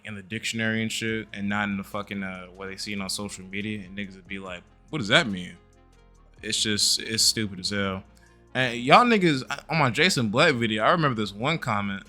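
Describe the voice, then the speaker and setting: A man's voice: on the low side, a little fast, sharp tone, faint music behind. A man hosting a reaction video, commenting in a blunt, profane rant. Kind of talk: casual commentary.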